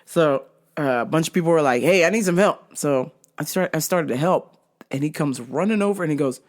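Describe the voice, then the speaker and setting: A woman's voice: a little fast, darkish tone. Profane laughing woman telling a story. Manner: profane, laughing, drops low for her own quoted lines. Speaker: podcast host. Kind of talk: comedic storytelling.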